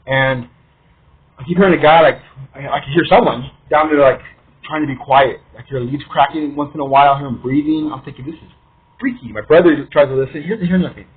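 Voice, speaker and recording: A man's voice: a little high, fairly quick, husky. A man casually telling a rambling, emphatic first-person story from his studio apartment. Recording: tinny phone-like sound.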